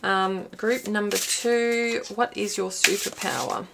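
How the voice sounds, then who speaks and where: Heavy background noise surrounds this woman's slow, creaky, mid-range voice. As an intuitive card reader filming herself while watching a small screen, she talks viewers through a pick-a-card reading, thinking aloud with each pull.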